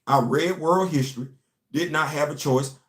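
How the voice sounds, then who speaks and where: Speaking at normal speed, this young host from the United States has a somewhat high, slightly bright voice. Recorded in an echoey room, his monologue is impassioned, emphatic and preachy, with his key lines said again and again.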